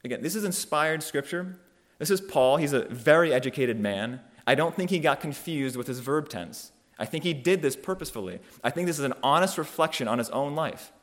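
A man preaching a sermon, thoughtful and measured, often restarting phrases and slowing down for emphasis. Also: on the high side, animated.

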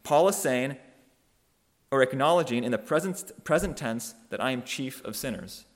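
Guy preaching a sermon, mid-pitched voice, thinks out loud, slows down to stress points. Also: expressive. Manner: thoughtful, measured, with frequent restarts and emphatic slowing.

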